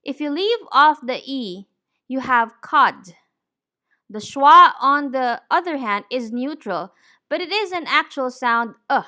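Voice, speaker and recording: A woman teaching English pronunciation, saying each word deliberately and clearly. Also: high voice, lively intonation, bright, forceful tone. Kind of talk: slow, careful pronunciation lesson.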